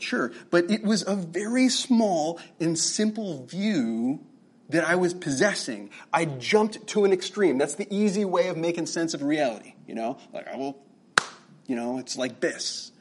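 A man's voice: on the high side, breathy edge. A middle-aged man, a pastor telling a personal story in a conversational sermon, full of fillers and restarts. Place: church meeting room.

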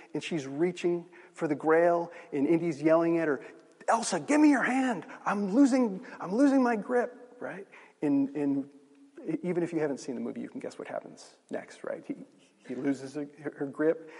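A man's voice: on the high side, dark tone, husky. A male pastor preaching a sermon, conversational and asking the audience rhetorical questions. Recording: long reverb of a large hall.

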